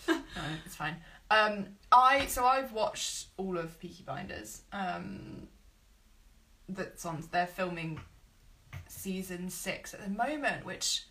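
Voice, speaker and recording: A woman's voice: medium pitch, animated, bright, forceful tone, rough recording. Chatty young woman. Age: young adult. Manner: chatty, self-talking, quick bursts of exclamation. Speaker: podcast co-host. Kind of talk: casual chat.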